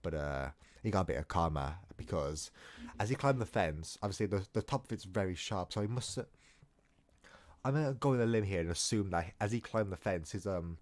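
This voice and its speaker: A young man tells a story in a loose, rambling way and keeps breaking off into self-mocking jokes. His voice sits low and deep. He talks as if to friends, casual and unscripted. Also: expressive, brisk. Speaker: storytime vlogger.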